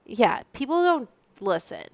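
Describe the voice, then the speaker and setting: A woman's voice: fairly high pitch, very animated, unhurried, dry recording. A woman hosting a casual livestream from home, chatting in a rambling way, reading out viewer names and swearing freely into a studio microphone. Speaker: livestream host. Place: room at home.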